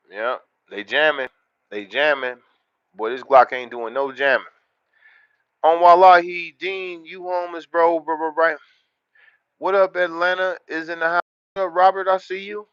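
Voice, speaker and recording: A man's voice: on the high side, clear, resonant tone, no echo. Man, livestream chat host, boastful street slang, dry muffled sound. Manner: loud, boastful street slang, repeats words in rapid runs. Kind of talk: casual livestream chat, reading the chat.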